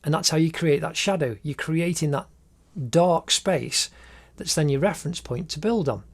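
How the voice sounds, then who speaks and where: A man's voice: fairly high pitch, moderate pace. Encouraging man narrating a drawing lesson. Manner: encouraging, step-by-step explaining. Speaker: art teacher.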